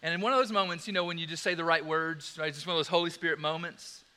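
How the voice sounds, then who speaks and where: A preacher tells a sermon story with animated, dramatic delivery. His voice sits high for a man and sounds bright and forward. He moves quickly between loud and quiet passages. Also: clean tone.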